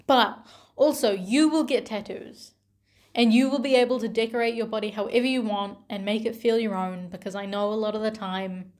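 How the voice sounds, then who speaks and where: A young woman talking gently and tenderly to her younger self, with pauses and soft laughs. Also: mid-range voice, fairly even intonation. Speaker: vlogger.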